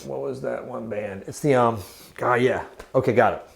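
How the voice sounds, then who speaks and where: A man's voice: mid-range voice, moderate pace, gravelly. A man in his forties co-hosting a casual music chat, giggly and rambling, full of fillers and restarts. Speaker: podcast co-host.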